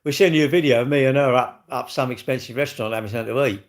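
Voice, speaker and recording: A man's voice: medium pitch, racing. A middle-aged man hosting a casual livestream, cheekily bantering and reading viewer comments aloud before answering them. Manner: cheeky, blunt and jokey. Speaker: livestream host.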